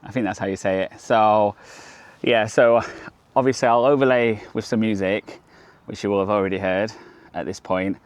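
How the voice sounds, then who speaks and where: A man's voice: fairly low pitch, steady tone, normal speed, clear, resonant tone, no echo. A man walking a forest trail and narrating his travel vlog in a loose, rambling way, hot and sweaty from the climb. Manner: rambling, chatty, lots of "so yeah" fillers. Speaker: travel vlogger.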